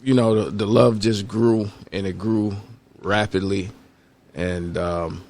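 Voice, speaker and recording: A man's voice: on the low side, takes it slowly, dry recording. A man co-owning a cigar lounge, chatting casually and telling stories in a laid-back way. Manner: relaxed, laid-back storytelling. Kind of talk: casual chat.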